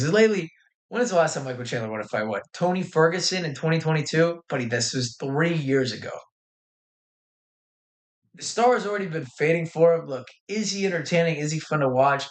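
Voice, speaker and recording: A young man hosting a casual fight-night livestream, talking in brash, swearing, slangy trash talk. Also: medium pitch. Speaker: livestream host.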